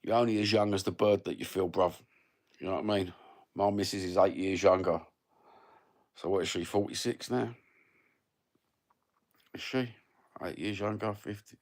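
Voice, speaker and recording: Deep-voiced sweary bloke in his fifties. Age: 50s. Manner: sweary, blokey banter with lots of fillers. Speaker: livestreamer reading viewer comments. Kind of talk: casual rambling chat.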